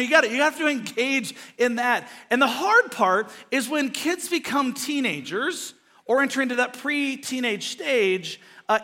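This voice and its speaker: Bright high-voiced pastor preaching in a hall. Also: male voice. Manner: storytelling, jokey, acts out quoted voices. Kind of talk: sermon.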